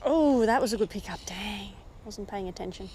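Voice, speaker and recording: A woman with an Australian accent chatting casually as she fishes, talking to the fish and getting very excited over a catch. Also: mid-range voice, moderate pace, slight background noise. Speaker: fishing vlogger. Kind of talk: casual running commentary while fishing. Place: outdoors by the water in the rain.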